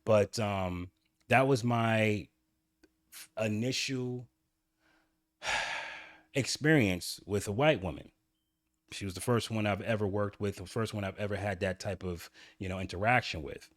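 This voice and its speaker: A man's voice: fairly low pitch, unhurried, pauses often, dry recording, studio quality. A man hosting his own channel, candidly telling a personal story in a rambling way with frequent restarts. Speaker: channel host.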